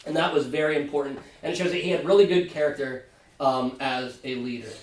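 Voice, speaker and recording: A man's voice: medium pitch, fairly even intonation, fast. A man, a pastor, leading a casual Sunday school Bible study, talking conversationally and often checking in with his class. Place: church classroom. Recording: roomy, from far off mic.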